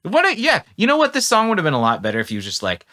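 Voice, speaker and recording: Mężczyzna, ożywiony, sarkastyczny podcaster. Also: male voice, high-pitched, rapid-fire. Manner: animated, sarcastic, swings loud and soft; many restarts and fillers. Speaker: podcast co-host. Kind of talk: casual chat.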